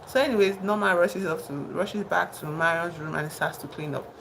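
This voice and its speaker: Woman vlogger, low gravelly voice, loose rambling storyteller, chatty while doing makeup. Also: normal speed, noisy background. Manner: chatty, rambling, peppered with "you know" and "like". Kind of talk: casual storytelling chat.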